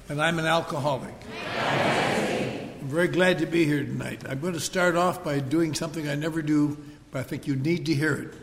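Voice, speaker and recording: A man's voice: on the high side, vocal fry. An older man speaking at a recovery meeting, telling wry, rambling stories with asides to the crowd. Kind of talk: personal storytelling talk. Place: large meeting hall. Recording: echoey hall recording with faint noise.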